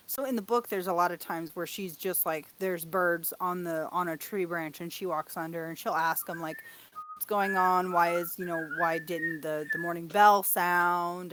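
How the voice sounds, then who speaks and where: A woman's voice: fairly low pitch, fairly bright tone. A woman in her thirties chatting casually and rambling about characters, laughing at herself often. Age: 30s. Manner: giggly, self-deprecating, rambling.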